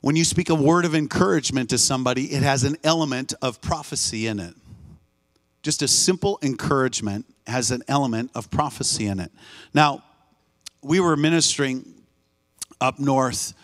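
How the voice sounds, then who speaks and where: A man preaching a sermon in a church, telling a story with lively voices and calling out for the congregation's response. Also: mid-range voice, normal speed. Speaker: guest preacher. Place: church sanctuary, live service.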